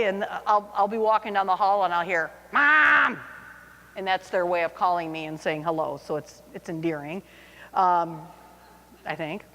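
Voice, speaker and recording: A woman's voice: mid-range voice, a bit bright. A woman in her forties, a teacher, telling a funny personal story to an audience with self-mocking humor. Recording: long hall reverb.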